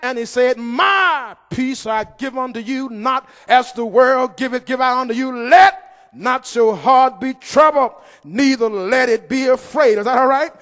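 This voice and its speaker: A man, preaching in a church. He delivers his sermon slowly and with great force, shouting and half-singing as he calls out to the congregation. His voice rings with the long reverb of a large hall. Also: very high voice.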